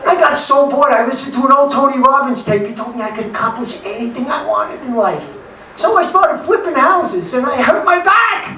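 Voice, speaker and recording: A man, doing a blunt stand-up set in a club, with sudden loud outbursts. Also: very high voice, animated, moderate pace. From New York. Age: 70s. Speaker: stand-up comic. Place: comedy club in Denver. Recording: echoey club from far off, background noise.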